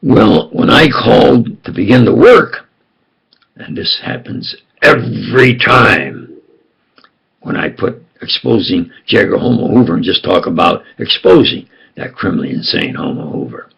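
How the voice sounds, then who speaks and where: An older man with a tough New York accent tells his story in a slow, deliberate monologue, voice deeply gravelly and rough. His pitch rises and falls with lively swings as he presses his points with conspiratorial insistence. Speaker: self-styled preacher and storyteller. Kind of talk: rambling personal monologue.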